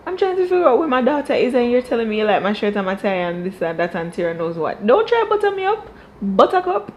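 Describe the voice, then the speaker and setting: A woman voicing an angry, stern father who scolds in a sharp, raised voice. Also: on the high side, sing-song, fast, dull audio, voice pushed up. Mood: indignant.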